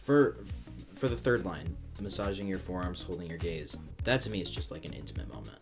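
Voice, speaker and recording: A man's voice: sits low, lively intonation, brisk. A man co-hosting a music reaction show, thoughtful and agreeable in casual conversation. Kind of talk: casual music review chat.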